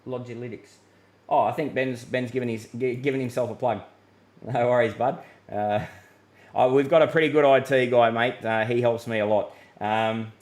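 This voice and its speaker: Australian male weather host, middle-aged, casual matey live-stream chat, reads comments and laughs easily. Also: medium pitch.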